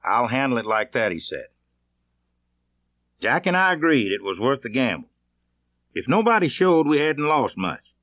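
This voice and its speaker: A man from Mississippi, reading his own memoir in a plainspoken, measured, conversational way. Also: a little high, fairly bright tone, no echo. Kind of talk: audiobook narration.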